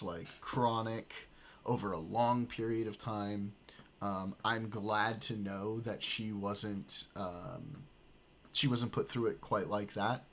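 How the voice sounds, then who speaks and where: A man's voice: lowish voice, a bit bright, slight background noise. A man streaming casual reaction commentary, blunt and swearing often, sometimes reading messages aloud.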